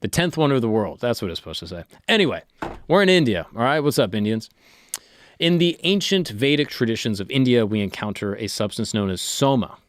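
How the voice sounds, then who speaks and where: A man's voice: medium pitch, expressive, fairly quick, no room sound. A man hosting a comedic history podcast, reading facts and breaking off into irreverent joking asides. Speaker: podcast host.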